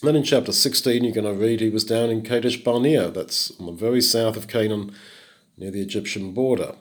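A middle-aged man with a fairly low voice teaches from the Bible in a relaxed, conversational manner. He pushes his voice up sharply on the words he wants to stress. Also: fairly quick. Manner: conversational, with emphatic rises on key words. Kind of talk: expository Bible talk.

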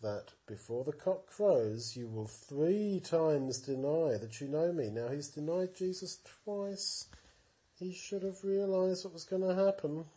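Man, mellow unhurried storyteller, explains Bible passages to a child. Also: a little high, highs cut off. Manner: animated storytelling, simple explanations. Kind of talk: reading and explaining scripture to a child.

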